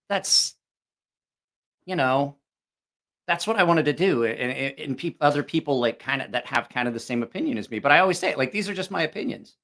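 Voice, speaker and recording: A man's voice: mid-range voice, a bit bright. A man hosting a knife review channel, chatting casually on a stream, rambling and frank, swearing freely, with many restarts. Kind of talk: casual live-stream chat.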